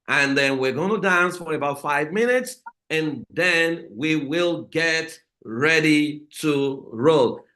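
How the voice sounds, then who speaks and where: A man's voice: a little high, bright, forceful tone. A man hosting a live online family life class, upbeat and repeating his words to rouse the audience. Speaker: session host and family life coach.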